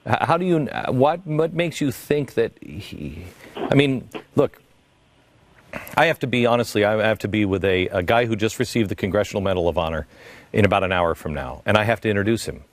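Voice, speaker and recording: Radio host guy, earnest, keeps restarting himself, lower voice. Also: lively intonation. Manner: halting, earnest, many restarts. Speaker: talk show host. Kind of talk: radio interview.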